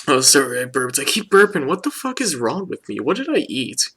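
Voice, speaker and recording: A man's voice: mid-range voice, sing-song, fairly quick, bright, forceful tone, slightly rough. A young man co-hosting a podcast from home, rambling in loose casual chat and swearing often. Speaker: podcast co-host.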